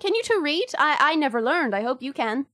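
A woman's voice: sits high, sing-song, brisk, a bit bright, dry recording, clean studio sound. A woman putting on a wry Irish girl jailed as a witch. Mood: chatty. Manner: chatty, wry, a little grim. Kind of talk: character voice in a tabletop game.

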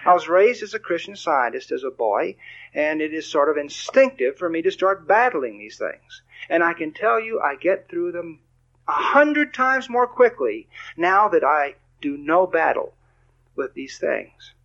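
An older man, a spiritual teacher, giving a playful, animated talk with readings. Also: on the high side, measured pace, lo-fi sound.

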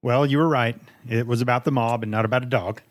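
A man co-hosting a casual movie review chat, with a middle-pitched voice. He talks in a chatty, playful way, dropping swear words freely. The sound is dry and close, with no room echo. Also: fairly even intonation, fast talker. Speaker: podcast co-host presenting the movie.

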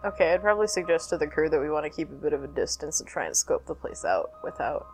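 A chatty, blunt woman chiming in during a tabletop role-playing session. Her pitch swings widely as she talks, and faint music plays behind her. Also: very animated, quick pace, darkish tone, rough recording. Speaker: player. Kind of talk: casual table chat.

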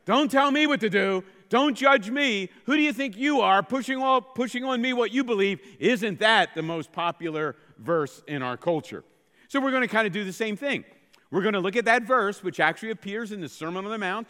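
A man preaching a sermon, playful and lively, leading the congregation in call-and-response. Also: sits high, in a large hall. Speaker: pastor.

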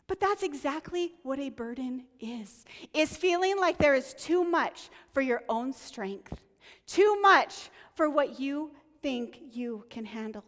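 A woman preaching a sermon, earnest and conversational, dropping to soft near-whispers on key lines. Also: high voice, expressive, slow, in a large hall.

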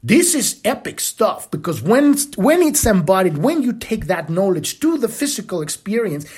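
A man with a slightly husky voice delivers a spiritual teaching on his podcast. His pitch rises and falls in lively swoops as he talks. He sounds impassioned but casual, and he swears bluntly. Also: normal speed. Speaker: podcast host.

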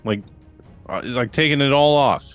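A man's voice: mid-range voice, moderate pace, fairly bright tone, soft background music. A man and father on a podcast, chatting casually and rambling with lots of fillers and restarts. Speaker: podcast co-host. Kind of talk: casual chat.

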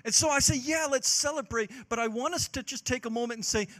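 A male pastor, preaching a passionate sermon that swings from loud exhortation to hushed, earnest moments. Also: very high voice, fast, hardly any pauses.

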